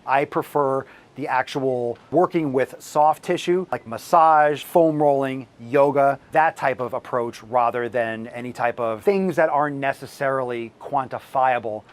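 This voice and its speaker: A man in the middle of his pitch range answers viewer questions on his fitness channel. He is blunt and swears freely, sometimes ranting, and his voice is a touch hoarse from losing it. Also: unhurried, hardly any pauses. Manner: blunt and profane, ranting at times.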